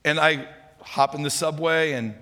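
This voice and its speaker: A man's voice: fairly high pitch, steady tone, normal speed, sharp tone. A man preaching a sermon, telling a personal story in a conversational way and asking the listeners questions. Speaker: pastor. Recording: long hall reverb.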